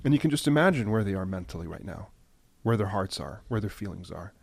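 Impassioned man speaking gravely. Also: fairly low pitch, animated, dry recording. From United States. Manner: impassioned, emphatic, slowing to a hushed, grave tone. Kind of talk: impassioned news commentary.

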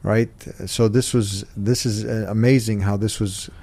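A man's voice: on the low side, fairly even intonation, measured pace, warm tone. A man hosting an interview, asking questions casually and often searching for words. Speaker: host.

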